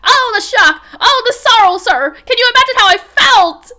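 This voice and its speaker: Lady putting on a jumpy young cop guy, yells everything with a "sir!" on the end, high and bright, faint music under it. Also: expressive, normal speed, exaggerated voice. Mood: frantic, loud. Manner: shouts nearly every line, ends sentences with "sir!". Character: jittery young male police patrolman, excitable. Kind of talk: voice acting a game script aloud.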